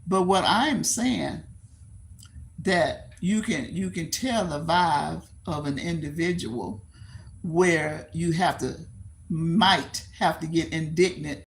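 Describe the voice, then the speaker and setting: A woman's voice: low-pitched, slow, vocal fry. An older woman hosting a late-night live-stream chat, telling stories animatedly, acting out the voices she quotes and laughing often.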